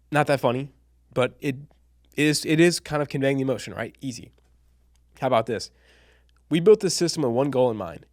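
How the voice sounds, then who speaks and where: A man's voice: mid-range voice, animated, brisk, darkish tone, dry recording, clean studio sound. A young man teaching a casual online copywriting lesson, chatty and slangy, calling listeners bro and dude and laughing at his own examples.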